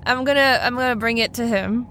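A woman's voice: a little high, a little fast, a bit bright, a little hiss or hum. A woman playing a tabletop game, giggly and chatty. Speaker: player. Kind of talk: casual tabletop play.

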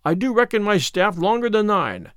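A bold, blustering outlaw, put on by a man reading aloud, booming out old-fashioned threats. The voice runs high and lively, with a dry, close sound. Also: normal speed, smooth, no room sound. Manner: loud, blustering archaic speech.

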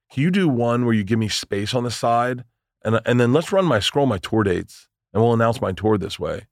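Man, 40s, low voice, animated storyteller, swears, dry studio sound. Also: no echo. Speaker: comedian guest. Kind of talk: casual storytelling interview.

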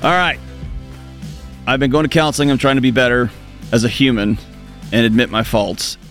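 A man's voice: medium pitch, moderate pace, faint music behind. A man co-hosting a radio advice show, playful and self-mocking in casual studio talk. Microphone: studio mic.

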